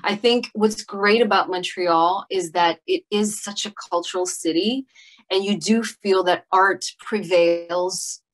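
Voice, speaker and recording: A middle-aged actress talking through an interview in a reflective way, pausing often with fillers and restarting her sentences. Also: mid-range voice. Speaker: actress guest. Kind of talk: casual interview conversation.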